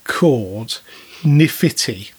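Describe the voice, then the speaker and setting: A man's voice: mid-range voice, expressive, very slow, a little mellow, slightly rough. A man co-hosting a podcast, telling listener stories in a chatty way with frequent chuckles. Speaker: podcast co-host. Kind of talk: casual podcast chat.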